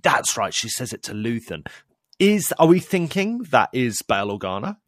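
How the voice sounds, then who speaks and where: Excitable man with a lively voice. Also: medium pitch, moderate pace, no echo, studio quality. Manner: excitable, gushing. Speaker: podcast co-host. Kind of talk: casual fan chat.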